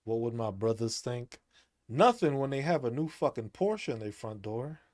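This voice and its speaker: A man's voice: mid-range voice, lively intonation, moderate pace, darkish tone, dry recording, studio quality. A man talking casually as a streamer, rambling, repeating himself and laughing often. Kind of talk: casual monologue.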